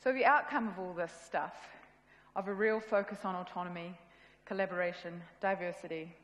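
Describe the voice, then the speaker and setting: A woman with a New Zealand accent giving a casual, self-deprecating conference talk. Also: medium pitch. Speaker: conference speaker. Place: event hall. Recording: echoey hall with long reverb.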